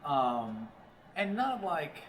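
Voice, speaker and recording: A man's voice: fairly high pitch, big pitch swings, very slow, a bit bright. Rambling man on a distant, roomy mic. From New York, Long Island. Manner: rambling, many fillers and restarts. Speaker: guest, voiceover actor. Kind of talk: casual interview chat.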